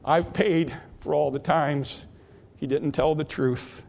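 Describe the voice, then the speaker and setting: A man preaching, voicing the Savior from a heavenly light in a slow, soft and tender way. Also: on the low side, slightly rough, pitched below the performer's own voice, full character voice.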